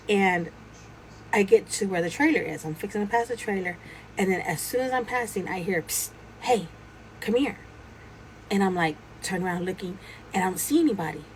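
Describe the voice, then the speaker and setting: A woman's voice: medium pitch, a little hiss or hum, poor audio. A woman casually telling a true ghost story, acting out the dialogue as she goes. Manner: animated retelling, acting out quoted dialogue.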